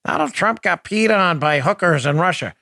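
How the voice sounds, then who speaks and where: The host of a political commentary show talks emphatically into a close studio mic, combative and mocking, and breaks into a high, silly impression voice in bursts. His voice is animated, bright, and forceful at a moderate pace, recorded dry.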